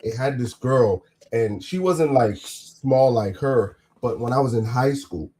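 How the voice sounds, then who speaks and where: A man's voice: mid-range voice, unhurried, mellow, slight background noise. A man hosting a podcast in casual chat, loose and slangy with many false starts. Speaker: podcast host.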